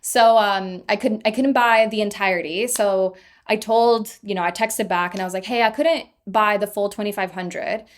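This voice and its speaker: A young adult woman telling a personal story in a casual vlog, chatty and animated, often laughing at herself. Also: mid-range voice, moderate pace. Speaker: vlogger.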